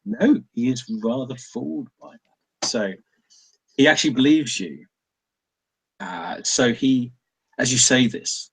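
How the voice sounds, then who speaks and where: A man runs a tabletop game with a husky, breathy voice. His pitch moves a lot as he rambles and hesitates through the narration. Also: very animated, moderate pace. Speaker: game master.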